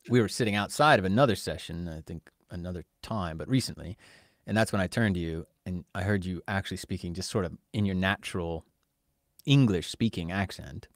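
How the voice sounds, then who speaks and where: Low-voiced joking male podcast host. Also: dry recording, clean studio sound. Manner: joking, teasing. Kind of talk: casual interview chat.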